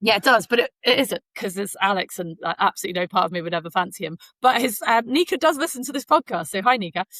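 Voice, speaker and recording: She speaks quickly, with few pauses, in an animated, medium-pitched voice of fairly bright tone. A Canadian podcast co-host, she tells casual, meandering stories full of fillers, with no room sound on the recording.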